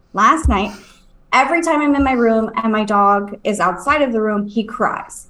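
Animated woman telling a ghost story. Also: on the high side, rough recording. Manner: animated, swears, keeps checking in with "okay?". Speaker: psychic medium and podcast co-host. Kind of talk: casual storytelling on a live stream. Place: at home.

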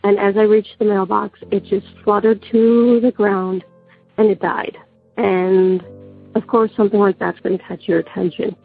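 A woman caller who is sick and raspy, telling a personal story in a steady way with pauses and fillers. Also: medium pitch, faint music behind. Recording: tinny phone line.

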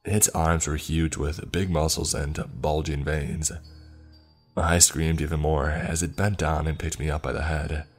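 A man narrating a scripted horror story in a steady, measured telling, over faint music. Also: extremely low pitch.

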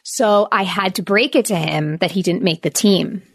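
A woman in her thirties hosting a casual chat, animated and talkative. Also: medium pitch, moderate pace, vocal fry, dry recording. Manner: chatty and animated, acting out her son's voice. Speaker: podcast host.

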